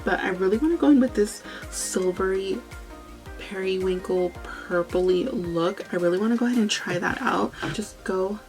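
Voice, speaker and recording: A woman's voice: mid-range voice, moderate pace, over music, low-quality recording. A young woman chatting casually through a makeup tutorial, telling a story and swearing freely. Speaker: beauty vlogger.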